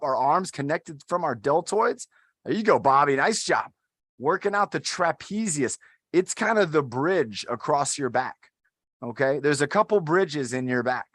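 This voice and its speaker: A man's voice: on the high side, a bit bright, no room sound. A man instructing an adaptive fitness class, talking in an upbeat, encouraging way and counting down the holds. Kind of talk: guided workout instruction.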